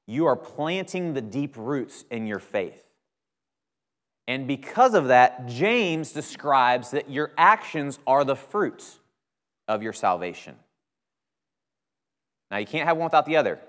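Male minister, casual sermon delivery, stresses key words, chatty asides, long hall reverb. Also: medium pitch. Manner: conversational preaching, emphatic stressed words, frequent "right?".

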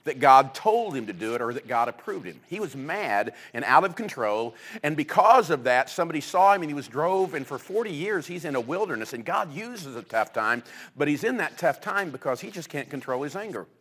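A man delivers a sermon, his voice sitting a little higher than most men's. He tells the stories with energy and acts out the voices of the people in them. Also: fairly quick. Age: adult with children. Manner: animated storytelling, acting out quoted voices. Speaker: pastor.

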